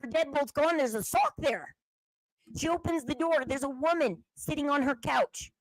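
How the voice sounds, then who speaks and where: A high-pitched woman talks in a loose, rambling commentary style, hopping between stories and searches on her computer. The sound is dry and close, with no room around her voice. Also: moderate pace, no room sound. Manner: chatty and rambling, acts out quoted people. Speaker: commentary channel host. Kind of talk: casual commentary while browsing on screen.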